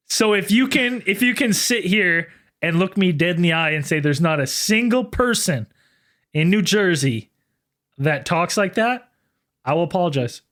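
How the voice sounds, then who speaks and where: A man's voice: sits high, wildly swooping pitch, slow pace, pauses often, a bit bright. A man co-hosting a podcast in casual chat, joking and often laughing. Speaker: podcast co-host.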